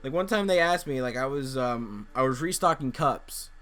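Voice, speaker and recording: A man's voice: medium pitch, lively intonation, moderate pace, a bit bright. A young man vlogging casually, telling a rambling story and acting out the voices of people he quotes.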